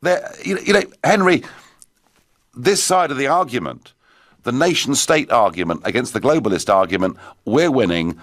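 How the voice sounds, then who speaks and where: A man hosting a radio phone-in, talking to callers in a forceful, emphatic way. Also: medium pitch, normal speed, no echo, studio quality. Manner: forceful, emphatic, lively delivery. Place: radio studio. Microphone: studio microphone.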